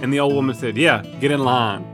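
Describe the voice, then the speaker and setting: A man co-hosting a comedy podcast, telling jokes with goofy, lively banter. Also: medium pitch, quick pace, over music. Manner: goofy, repeats silly exclamations, lively storytelling. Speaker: podcast co-host. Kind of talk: casual joke-telling banter.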